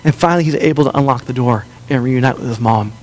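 A man preaching a sermon, telling a story and often dropping to a soft, gentle voice for quiet lines. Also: medium pitch, fast talker, soft background music. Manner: storytelling, drops softer for tender quoted lines. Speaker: pastor.

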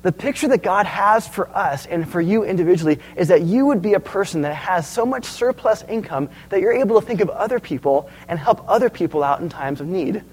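A man's voice: sits high, fairly quick, few pauses, breathy edge, rough recording. A man preaching a sermon as pastor, telling stories and asking the congregation questions. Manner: storytelling, animated, asks the audience questions.

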